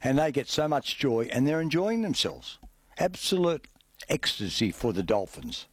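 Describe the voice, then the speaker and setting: A man on a sports radio panel, earnest and a little halting, full of stats. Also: medium pitch, big pitch swings, husky, no echo. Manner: earnest, halting, stat-minded.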